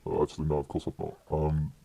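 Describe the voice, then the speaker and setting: A man's voice: a bass voice, completely flat delivery, fast talker, gravelly, warm tone, no echo. A young British man, a podcast guest telling a story casually, rambling with lots of fillers and restarts. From United Kingdom.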